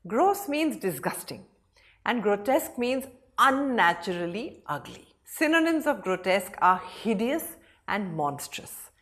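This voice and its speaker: Lively woman teaching vocabulary. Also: mid-range voice, unhurried. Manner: lively, animated explaining with hand gestures. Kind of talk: vocabulary lesson.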